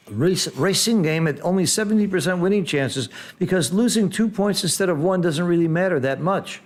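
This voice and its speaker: Brief: man, game commentator, slightly high voice, excitable, teacher's patient explanations. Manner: excitable, exclaims loudly at big rolls, then explains calmly.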